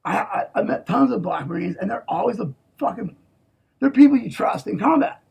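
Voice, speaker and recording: A man in a rambling, profane monologue, swinging between loud outbursts and low mutters and tagging lines with "okay?". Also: lively intonation, fairly quick, creaky, slightly rough. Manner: profane, repeats "okay?", restarts a lot.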